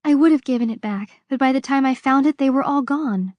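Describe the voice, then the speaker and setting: A woman voicing a calm, matter-of-fact young woman in an audiobook. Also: high voice, fairly quick, no room sound, pitched above the performer's own voice, close to an everyday voice.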